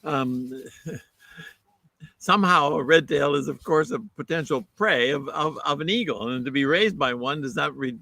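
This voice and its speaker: A man co-hosting an outdoor livestream, answering a viewer question in a halting, thoughtful way. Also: fairly high pitch, creaky, bright, forceful tone, no room sound, poor audio. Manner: hesitant, many fillers and restarts, thoughtful. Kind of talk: casual livestream chat.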